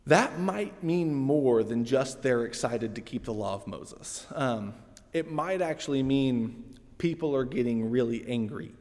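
A man of middle pitch preaching a relaxed, explanatory sermon. He talks through the text like a teacher, pausing on fillers. His voice carries a long, lingering reverb. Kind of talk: expository sermon.

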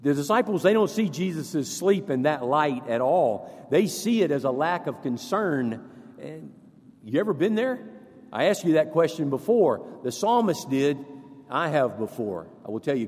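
A man preaching a sermon as pastor, leading the congregation through verses in an animated way. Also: mid-range voice, moderate pace, breathy edge, long reverb tail.

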